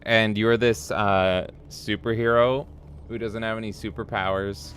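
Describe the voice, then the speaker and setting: A man streams a video game, chatting casually and playfully, swearing and reading viewer comments aloud. His voice is on the low side, a bit bright, with fairly even intonation and an unhurried pace, over slight background noise.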